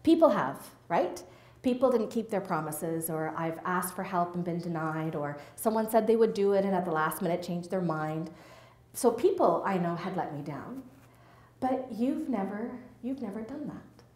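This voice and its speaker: A woman speaker giving an earnest personal testimony, halting and restarting often and checking in with "right?" and "okay?". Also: fairly low pitch, lively intonation, a little mellow. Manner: earnest, halting, with many restarts and tag questions. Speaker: invited faith speaker. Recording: roomy hall sound.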